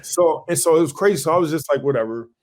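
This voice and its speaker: A young man co-hosting a podcast, telling a story in casual chat, animated and swearing freely as he acts out what he said back then. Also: fairly high pitch, fast talker. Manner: animated, swears a lot, acts out his own past lines. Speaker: podcast co-host.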